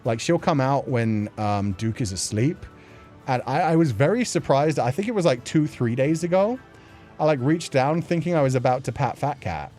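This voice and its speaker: A man chatting casually on his livestream, voice sitting at an ordinary middle pitch. He rambles loosely, drops filler words constantly and breaks into laughter often. Soft music plays faintly underneath. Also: animated, normal speed. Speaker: streamer hosting a chat show. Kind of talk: casual livestream chat reading viewer messages.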